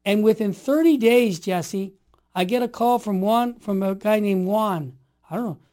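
A man in his sixties telling stories in a conversation, emphatic and animated, sometimes building to forceful outbursts. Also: high-pitched, a little slow. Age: 60s. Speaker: interview guest. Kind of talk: storytelling conversation.

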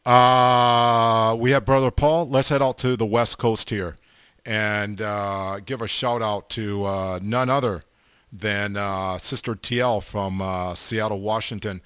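A middle-aged male radio host ambles through listener greetings at an unhurried pace, his voice bright and forward. He talks in a rambling way, full of fillers and repeated amens. The sound is dry and close, with no room behind it. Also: on the low side, fairly even intonation, smooth, dry recording. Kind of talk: casual on-air shout-outs to listeners.

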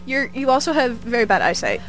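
A young woman co-hosting a radio show, playful and quick to laugh, chiming in with jokes. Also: on the high side, sing-song, fairly bright tone. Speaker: radio co-host. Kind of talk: casual radio banter.

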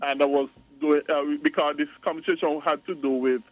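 A man's voice: a little high, steady tone, fairly quick, dull audio. A man on a call-in radio show, speaking emphatically and repeating his points. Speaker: radio guest. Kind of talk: call-in talk radio discussion.

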